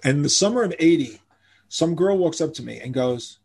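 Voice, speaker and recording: An older man from New York, a rock musician telling stories in a casual interview, animated and acting out the voices of people he quotes. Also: on the high side, fairly quick, creaky, husky. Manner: animated storyteller who acts out quoted voices.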